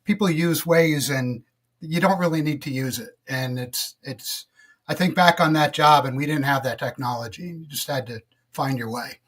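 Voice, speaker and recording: A middle-aged man speaking as a podcast guest, telling stories about his early career in a relaxed, reflective way with plenty of filler words. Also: on the high side, moderate pace. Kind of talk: casual interview storytelling.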